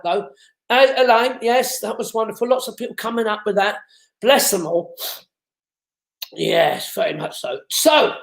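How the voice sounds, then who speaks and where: A man's voice: high-pitched, vocal fry, echoey room. A man from the hosting a casual live show from home, emotional and chatty. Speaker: host.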